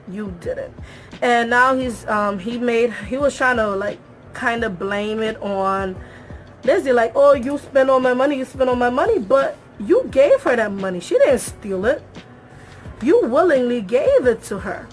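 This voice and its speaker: A young woman talking straight to her viewers in a casual, emphatic recap, repeating phrases for effect. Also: fairly high pitch. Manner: talks straight to viewers, calls them y'all. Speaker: reality show recap vlogger.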